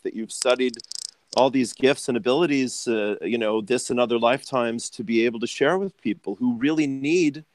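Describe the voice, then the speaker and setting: A man hosting a spiritual webinar over a video call, affectionate and encouraging, laughing often. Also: mid-range voice. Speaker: webinar host and channeler. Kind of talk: casual group video chat.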